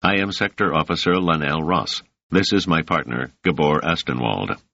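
A man voicing a calm, formal male security officer, in a slightly muffled recording. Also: rumbling low, normal speed, creaky, no room sound, exaggerated voice.

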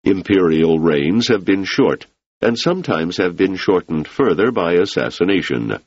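Joranum: a man doing a pushy, driven politician, husky and gravelly, a bit higher than the reader's own low voice. Dull, dry studio sound. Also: animated, measured pace, darkish tone, no echo, exaggerated voice. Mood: insistent. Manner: insistent, urging. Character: ambitious, intense male politician, persuasive and forceful.

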